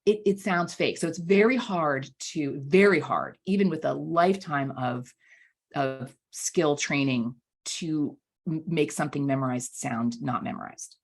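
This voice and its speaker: A woman appears as a guest voice coach in a casual podcast interview, speaking animatedly in a low, slightly slow voice. She often checks in with "right?" and repeats words for emphasis.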